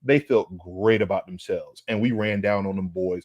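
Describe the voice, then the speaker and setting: A man's voice: deep voice, moderate pace, a little mellow, no echo, studio quality. A man co-hosting a sports podcast, trash-talking rivals in a brash, emphatic way. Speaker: podcast co-host. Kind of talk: heated sports banter.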